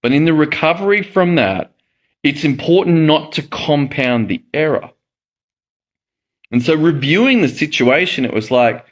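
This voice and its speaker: Animated man telling a story. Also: on the high side, moderate pace. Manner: animated storytelling, acting out quoted reactions. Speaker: medical educator and host. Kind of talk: casual monologue.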